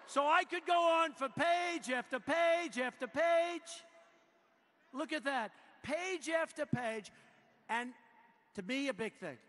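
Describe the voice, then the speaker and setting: Older man shouting a rally speech. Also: very high-pitched, animated, slow pace. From United States. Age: 70s. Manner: boastful, repetitive, bursts into shouting. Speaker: president addressing a rally. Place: large arena. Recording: long hall reverb with faint noise.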